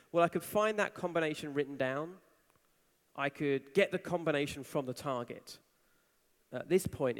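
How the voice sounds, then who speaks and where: A man giving a conference talk, telling a story with animation and acting out the people he quotes. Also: mid-range voice. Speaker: conference speaker. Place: large conference hall. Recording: reverberant hall.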